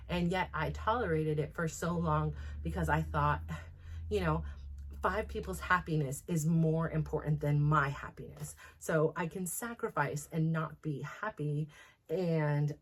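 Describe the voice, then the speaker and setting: A middle-aged woman hosting a personal talk, speaking frankly and emotionally, rambling with lots of "like" fillers. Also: low voice. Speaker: host.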